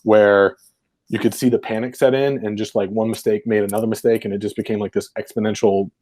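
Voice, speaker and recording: Low, mellow-voiced man telling a story. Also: fairly even intonation, fairly quick. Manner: rambling, reflective, heavy use of fillers like "like" and "right". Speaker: podcast co-host, former football coach. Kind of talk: casual storytelling conversation.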